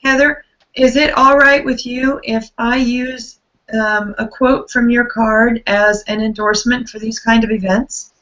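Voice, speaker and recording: A tired woman with a gravelly voice, effusively hosting an online book club chat over a video call. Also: fairly high pitch, steady tone, unhurried, highs cut off. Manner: warm, effusive, chatty.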